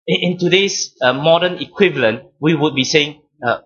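A man preaching a sermon as pastor, teaching deliberately, stressing key words and repeating phrases. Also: a little high, a bit bright, breathy edge, dull audio.

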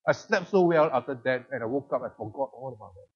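A middle-aged man with a Singaporean English accent, preaching a sermon and telling a personal story with lively rhetorical questions. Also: mid-range voice, fast, breathy edge, lo-fi sound.

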